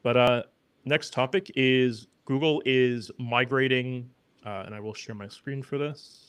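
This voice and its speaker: A man co-hosting a podcast, explaining things in a relaxed, matter-of-fact way. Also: medium pitch, a little slow, smooth, no room sound. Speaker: podcast co-host. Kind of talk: casual explaining.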